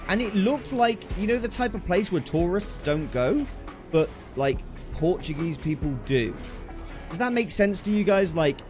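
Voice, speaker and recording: Excitable young British streamer, slangy. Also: male voice, high voice. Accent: British English. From Britain. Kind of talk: casual storytelling while gaming.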